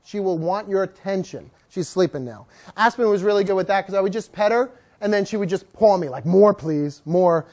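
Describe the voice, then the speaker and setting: A woman's voice: mid-range voice, a little fast, hardly any pauses, darkish tone. A woman dog trainer teaching a live class, telling stories, acting out dogs and owners, and coaxing the group to repeat words after her.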